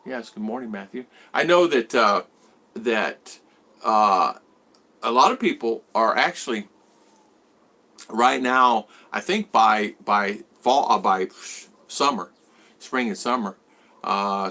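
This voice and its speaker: Here the sixty-something live-stream host speaks slowly in a low, pushed, bright voice with lively intonation. He rambles casually, greeting people by name and replying to what they write.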